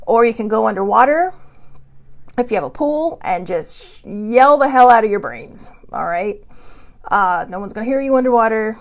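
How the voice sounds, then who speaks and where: Chatty woman with a gravelly edge. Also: on the high side, lively intonation, normal speed. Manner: chatty and rambling, laughs often. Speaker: host. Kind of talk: casual talk show monologue.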